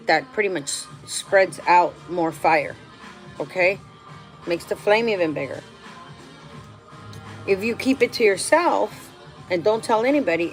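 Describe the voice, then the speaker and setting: A woman's voice: on the low side, poor audio. A middle-aged woman talking candidly and emotionally to her viewers, answering their questions in a rambling way. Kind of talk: casual heartfelt talk to viewers.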